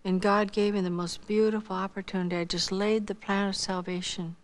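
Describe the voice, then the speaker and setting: A woman's voice: medium pitch, flat delivery, brisk. A woman giving a spoken missionary testimony, telling her story earnestly and quoting the dialogue.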